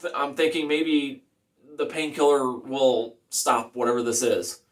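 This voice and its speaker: A man telling his own story of a medical emergency, emotional, with many restarts and repeated phrases, acting out his own pleas louder. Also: medium pitch, unhurried. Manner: reenacts his own pleading quotes louder. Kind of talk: personal storytelling vlog.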